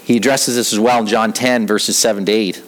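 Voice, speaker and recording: A man's voice: fairly low pitch, fairly even intonation, brisk, a little hiss or hum, low-quality recording. A middle-aged man preaching a sermon in an earnest way, often repeating words as he builds a point. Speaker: pastor.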